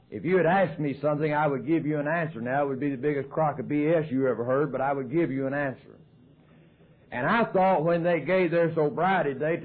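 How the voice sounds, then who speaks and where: A man with a Southern American accent telling his recovery story at a meeting in a folksy, joking way. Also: on the high side. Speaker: AA speaker. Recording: tinny lo-fi 1990s tape.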